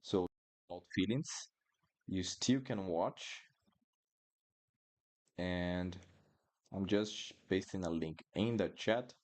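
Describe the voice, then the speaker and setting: Deep-voiced and darkish in tone, this man speaks slowly and pauses often. He's a native Portuguese speaker with a Brazilian accent, giving a live online pronunciation lesson in which he patiently repeats words for drills.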